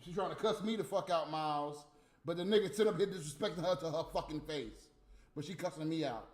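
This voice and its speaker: A man ranting in profane, casual talk to his viewers, swinging from low muttering to loud outbursts. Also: moderate pace. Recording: roomy echo, faint music behind.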